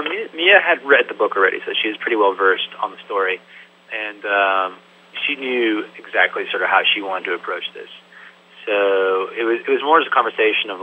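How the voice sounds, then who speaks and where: A man, a film director, answering interview questions thoughtfully and loosely, with lots of "sort of" and "like". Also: low voice. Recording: tinny phone-like line with faint hum.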